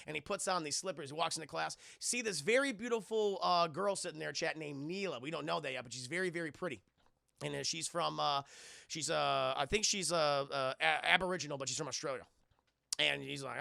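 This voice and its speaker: A young streamer recaps a film for his live chat in a slightly high, fast, creaky voice that sounds pushed and bright. He rambles profanely and acts out lines from scenes, in a studio-quality recording with no echo.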